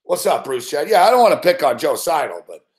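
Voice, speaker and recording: A man's voice: on the high side, big pitch swings, a little fast, roomy sound. A man ranting and swearing constantly as host of a live sports betting show. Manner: swears constantly, rants in frustrated outbursts. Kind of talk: profane live-stream rant.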